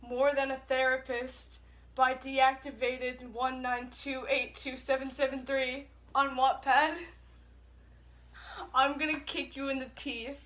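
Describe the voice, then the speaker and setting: A young woman reading fan fiction aloud for laughs, in a flat, hurried way that keeps breaking into giggles. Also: sits high. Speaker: co-host.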